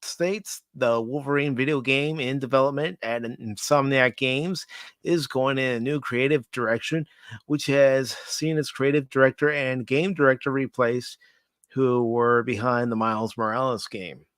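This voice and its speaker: A man's voice: medium pitch, fairly even intonation, measured pace, a bit bright, no echo. A man hosting a pop culture talk show, reading news items aloud and adding wry asides. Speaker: host.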